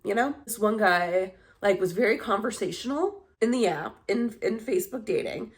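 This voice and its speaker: Blunt, gravelly-voiced woman vlogger. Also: mid-range voice, moderate pace. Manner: candid and blunt, swears freely, animated storytelling. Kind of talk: casual chat.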